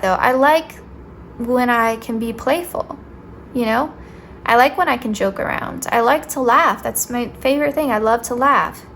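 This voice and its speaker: A woman's voice: on the high side, fairly bright tone, slight background noise. A young woman with a sweet voice giving a casual, playful tarot reading, talking directly to her viewers and saying "like" often. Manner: chatty, playful, says "like" often. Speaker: tarot reader.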